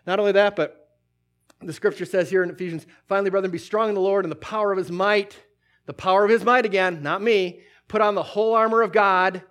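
A man preaching a sermon, quoting scripture and acting out little scenes as he goes. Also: sits high. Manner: animated storytelling, acts out scenes, quotes scripture.

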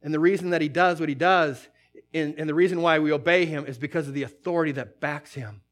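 High-voiced preacher giving a sermon. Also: male voice, quick pace. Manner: animated storytelling, acts out scenes, quotes scripture.

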